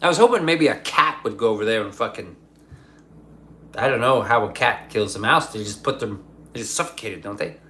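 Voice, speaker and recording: A man's voice: on the low side, animated, fairly quick, fairly bright tone, slight background noise. A young adult man rambling profanely in casual livestream chat, reading his chat aloud. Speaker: streamer.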